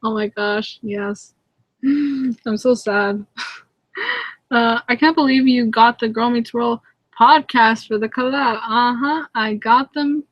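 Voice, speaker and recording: A woman's voice: fairly high pitch, no echo. A young woman hosting a casual live hangout from home, giggling often and chatting with lots of fillers and restarts as she answers viewers. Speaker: channel host answering viewer comments. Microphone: webcam in a live video hangout.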